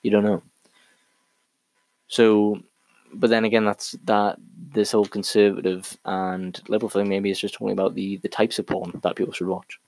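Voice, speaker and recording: A man's voice: lowish voice, little pitch movement, normal speed, darkish tone, no room sound, rough recording. A man talking through an argument on his own in a casual monologue, thinking aloud with frequent restarts and fillers.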